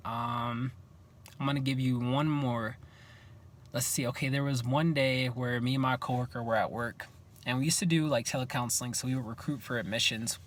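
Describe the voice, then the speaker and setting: A young man vlogging, telling stories in a casual, animated way and acting out what each person said. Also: medium pitch. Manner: animated, acts out what people said. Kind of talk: casual storytelling to camera.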